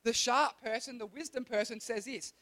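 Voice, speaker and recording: A man preaching a youth sermon, energetic and conversational, acting out the voices of the people in his examples. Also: extremely high pitch, normal speed. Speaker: youth pastor.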